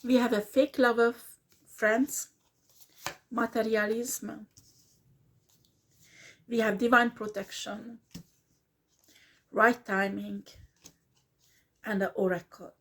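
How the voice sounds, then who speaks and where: A woman's voice: on the high side, fairly even intonation, slow pace, pauses often, a bit bright, slight background noise. A woman, speaking earnestly as a tarot reader who repeats herself and slips into words now and then. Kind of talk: casual spoken reading.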